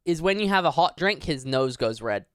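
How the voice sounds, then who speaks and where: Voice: mid-range voice, animated, moderate pace, clean tone, no room sound, studio quality. A livestreamer chatting casually at a home desk, rambling with lots of fillers and casual swearing. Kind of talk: casual live-stream chat.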